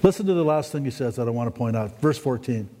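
A man preaching a sermon in a folksy, rambling way, often climbing to excited, emphatic peaks. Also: mid-range voice, fast talker. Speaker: pastor. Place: church sanctuary. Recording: long hall reverb in a church.

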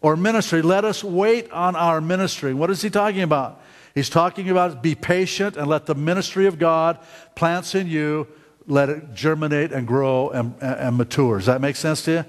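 A middle-aged man preaching a sermon as pastor, halting and repeating words, often asking the congregation questions. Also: on the high side, long reverb tail. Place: church sanctuary.

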